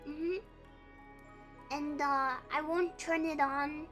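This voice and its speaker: High, girlish-voiced female streamer. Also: steady tone, slow pace, fairly bright tone, soft background music. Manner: bubbly, greets chatters one by one. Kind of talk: casual live-stream chat.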